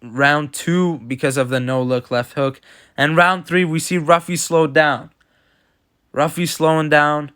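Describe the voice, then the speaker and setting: A man's voice: a little high, steady tone, unhurried, a bit bright, smooth. A man giving casual, blunt and opinionated reactions to fight results as commentator. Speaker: MMA commentator.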